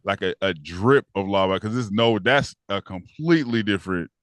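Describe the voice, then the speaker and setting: A man's voice: lowish voice, expressive, fairly quick, no room sound. Man chatting casually about a movie. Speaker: podcast co-host. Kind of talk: casual chat.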